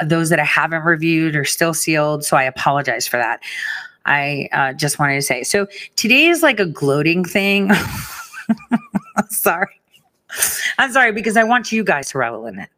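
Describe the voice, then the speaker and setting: A woman with a deep, low-set voice chats loosely straight to her audience. She rambles through fillers and restarts, with a teasing, giggly edge. It is a casual commentary monologue. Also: pushed and bright. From United States. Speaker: political commentary host.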